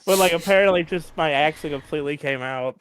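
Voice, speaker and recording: A man from Louisiana tells a relaxed, easygoing anecdote in a casual group chat. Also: on the high side, fast talker, crowd noise.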